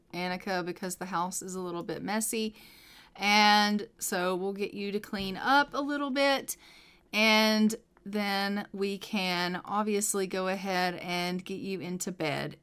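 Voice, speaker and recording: Bright-voiced woman narrating gameplay. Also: mid-range voice, clear, resonant tone. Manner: chatty, story-telling commentary. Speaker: game channel host. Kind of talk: let's play narration.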